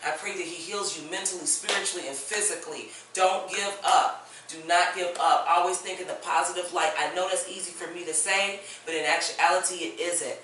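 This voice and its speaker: A woman's voice: on the low side, steady tone, a little fast, hardly any pauses, fairly bright tone. Earnest woman praying in an echoey room. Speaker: podcast co-host. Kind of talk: heartfelt prayer and encouragement. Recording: echoey room, far from mic, faint noise.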